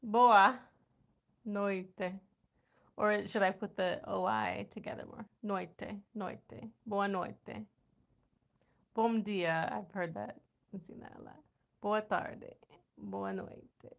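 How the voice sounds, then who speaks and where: American woman with a gravelly voice, easygoing. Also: mid-range voice, fairly even intonation, takes it slowly, long pauses. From United States. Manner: chatty, laughs often, tries out foreign words. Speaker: livestream host. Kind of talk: casual livestream chat. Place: home in Morocco at night.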